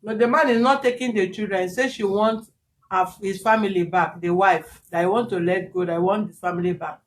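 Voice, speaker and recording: A woman's voice: medium pitch, fairly quick. A woman host with a Nigerian accent mediating a family dispute, chatty and mixing in pidgin words. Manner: chatty, mixes in pidgin words, lively when retelling. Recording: roomy, distant mic, faint background noise.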